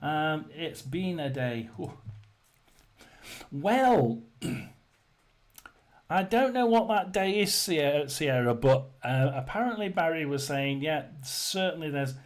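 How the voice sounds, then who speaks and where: Rambling man hosting a live chat. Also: fairly high pitch. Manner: rambling, many fillers and restarts. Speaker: livestream host. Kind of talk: casual livestream chat reading comments.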